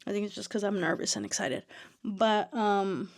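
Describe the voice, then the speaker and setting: Young woman, casual vlogger, excitable storyteller, a bit breathless, medium pitch, close dry mic. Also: normal speed, gravelly, no echo. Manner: chatty, excitable, many fillers and restarts. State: slightly out of breath. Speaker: author and vlogger.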